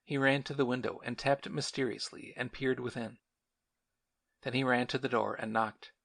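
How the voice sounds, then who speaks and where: A man's voice: mid-range voice, steady tone, moderate pace, gravelly, a bit bright, no echo, studio quality. Man narrating an audiobook steadily. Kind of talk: scripted narration.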